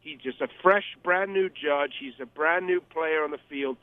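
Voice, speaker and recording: A man's voice: fairly high pitch, moderate pace, dry recording. A man calling in as a guest on a radio interview, talking emphatically, rambling and repeating himself. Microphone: telephone. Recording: tinny phone line, dry.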